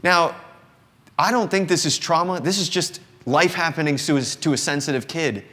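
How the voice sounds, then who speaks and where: The recording, full of the long reverb of a live room, captures a man in his thirties from the American South. He's a singer-songwriter giving an earnest, reflective confessional monologue to an audience in an indoor company showroom, his voice on the high side, sharp in tone and moderately paced.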